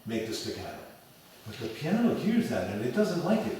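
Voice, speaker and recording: A man teaching piano in a lecture and demo lesson before an audience, talking in an animated way and singing phrases as da da da. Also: mid-range voice, normal speed, a little hiss or hum. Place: large echoey hall with an audience. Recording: echoey hall from far off. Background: piano playing.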